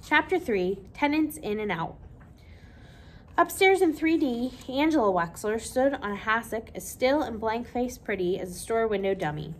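A woman, a children's librarian, reading a children's novel aloud with expressive storytelling. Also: on the high side, normal speed.

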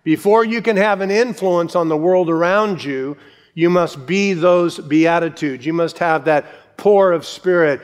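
A male pastor delivers an earnest sermon, driving points home with emphatic repetition. His voice sits a little high for a man. It rings out with a long reverb through a church sanctuary. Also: unhurried. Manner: earnest, emphatic preaching with repeated phrases.

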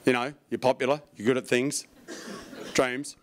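A man's voice: medium pitch, moderate pace. A man performing a stand-up comedy routine, wry and profane, telling stories with lots of energy. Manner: wry, profane, animated storytelling.

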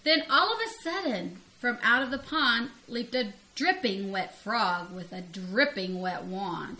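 A woman's voice: mid-range voice, unhurried. A grandmother reading a children's storybook aloud expressively, laughing and leaping up on the cries. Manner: expressive, laughing, big vocal jumps on cries.

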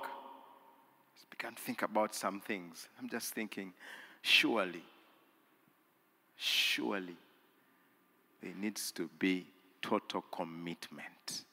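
A man preaching a sermon in a large cathedral, swinging from hushed lines to loud, emphatic peaks and repeating words for emphasis. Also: low voice, slow, long pauses. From Uganda. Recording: long hall reverb.

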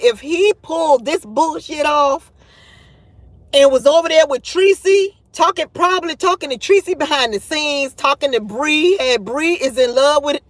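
A woman's voice: high-pitched, a bit bright, dry recording. A woman hosting a livestream of gossip commentary, dramatic and exasperated, talking straight to her viewers with sighs, laughs and casual swearing. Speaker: channel host.

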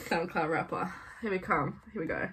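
A woman's voice: fairly low pitch, moderate pace. A woman singer chatting casually and poking fun at herself, laughing often. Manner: self-mocking, giggly, chatty. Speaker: singer doing a cover. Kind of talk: casual chat. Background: backing music.

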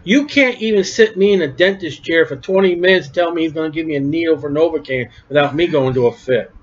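High-pitched preacher guy teaching scripture, chatty and emphatic, muffled lo-fi audio. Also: quick pace, slightly rough. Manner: conversational, emphatic, stumbles and repeats words. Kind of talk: sermon-style Bible study. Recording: dull lo-fi recording.

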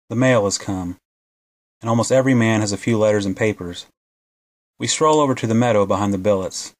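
Low-voiced man reading a novel. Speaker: audiobook narrator.

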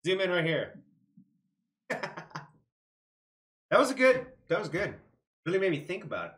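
A man's voice: sits high, moderate pace, a little hiss or hum. A young man streaming a game, reading its text aloud and reacting with casual, joking commentary. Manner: animated, jokey, swears casually.

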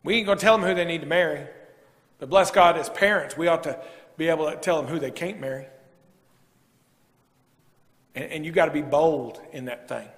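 A man's voice: a little high, brisk, pauses often. A man preaching a sermon as a pastor, folksy and rising to emphatic preaching. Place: church sanctuary. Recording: long church reverb.

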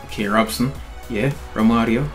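A young man, excitably commentating his own football gameplay in a slangy, chatty way, talking straight at the screen. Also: medium pitch, moderate pace, soft background music. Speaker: gaming channel host.

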